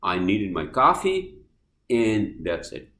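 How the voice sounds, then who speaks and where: A man's voice: on the low side, very animated, takes it slowly, sharp tone. A man with a non-native accent hosting a podcast, ranting in a heated, profane way and repeating himself. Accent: non-native accent of English. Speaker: podcast host. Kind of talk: casual monologue rant. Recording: roomy echoey room.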